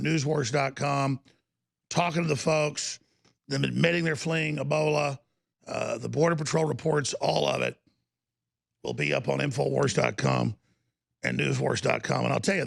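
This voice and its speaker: Gravelly ranting talk show host. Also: male voice, on the high side, a bit bright. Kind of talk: political talk show rant.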